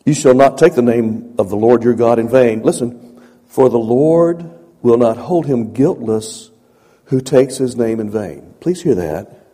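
A man preaching a sermon in a conversational way, repeating phrases and swinging from soft asides to emphatic points. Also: medium pitch, animated, unhurried, in a large hall.

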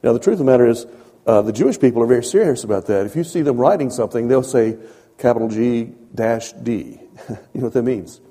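Preacher man with a dark voice in a reverberant hall. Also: mid-range voice, quick pace, breathy edge. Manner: conversational, repeats phrases, swings from soft to emphatic. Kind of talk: sermon.

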